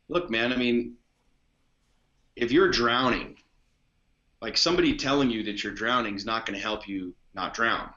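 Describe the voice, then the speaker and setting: A blunt, foul-mouthed man speaks as a podcast guest, hammering his points home. His voice is bright and forceful. The audio is dull and lo-fi. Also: medium pitch. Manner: blunt, profane, emphatic. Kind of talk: casual conversation.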